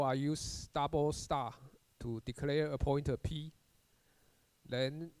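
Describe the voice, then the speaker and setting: A male university lecturer walks through programming code in a recorded lesson, at a middle pitch for a man. He talks haltingly, repeating words and starting over with frequent "uh"s. The recording is close and dry, with no room sound. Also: darkish tone, no room sound. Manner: halting, repeats words and restarts, many "uh" fillers.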